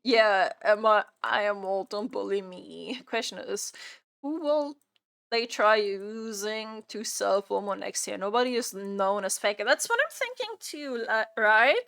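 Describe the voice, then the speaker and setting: A woman streamer chatting during a live reaction stream, exasperated and repeating her own phrases out loud. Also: mid-range voice, lively intonation, unhurried, gravelly.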